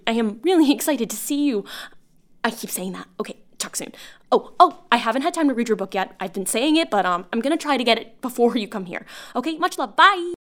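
An actress playing a lonely woman bartender who leaves long, halting voicemails for an old school friend, rambling and self-conscious. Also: a little high, fairly bright tone. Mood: flustered. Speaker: voice actor. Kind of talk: audio drama monologue.

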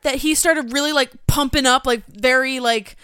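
A woman's voice: high voice, steady tone, normal speed, a bit bright, clean tone, no echo, studio quality. A woman co-hosting a casual podcast, sarcastic and exasperated, with dramatic sighs. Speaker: podcast co-host. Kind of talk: casual chat recapping wrestling.

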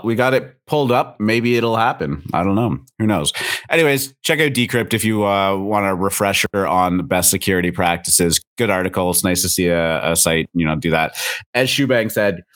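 A man with a fairly low voice co-hosts a casual podcast chat. He rambles along in a relaxed way, full of ums and likes. The sound is dry and close to the mic. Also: fairly quick, no echo. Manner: relaxed, rambling, with frequent fillers. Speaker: co-host.

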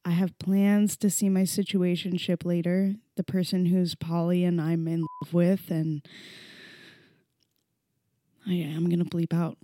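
A young woman hosting her own podcast, ranting candidly and emotionally with lots of swearing. She drops to a hush at times and imitates critics in a low, mocking voice. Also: flat delivery, measured pace, a little hiss or hum. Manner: emotional and profane, swinging between hushed and loud. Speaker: podcast host. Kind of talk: candid solo podcast rant.

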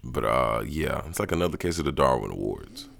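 A man's voice: a bass voice, lively intonation, a little fast, gravelly, a bit bright. A man co-hosting a podcast in casual chat on a couch at home, talking bluntly with plenty of swearing and a laid-back manner. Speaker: podcast co-host.

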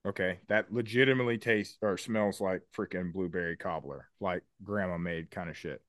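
A man's voice: deep voice, normal speed, no room sound, studio quality. A man co-hosting a podcast in casual chat. He explains things in detail with a lot of enthusiasm and swears casually. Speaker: podcast co-host.

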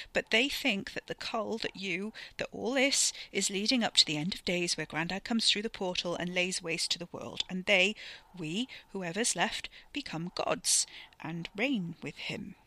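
A woman voicing a young man who is tense and sarcastic, talking in halting bursts and sometimes dropping to a whisper. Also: mid-range voice, pushed and bright, dry recording.

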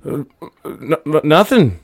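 A man's voice: fairly low pitch, fairly even intonation, slow, clear, resonant tone, no room sound, studio quality. A man voicing a nervous young male orphan hustler who stammers in a folksy country drawl. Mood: flustered.

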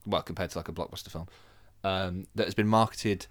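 A man's voice: low voice, fairly even intonation, brisk, a bit bright. A young man co-hosting a podcast, telling stories with lots of laughter and swearing. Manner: laughing storyteller, swears freely, jumps into voices. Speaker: podcast co-host. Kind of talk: casual chat.

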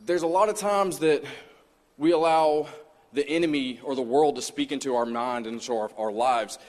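A man's voice: mid-range voice, moderate pace, darkish tone. A man preaching a mini sermon in a church, telling a personal story in an earnest, conversational way. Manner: conversational, earnest, acts out his own past words. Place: church sanctuary. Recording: long church hall reverb.

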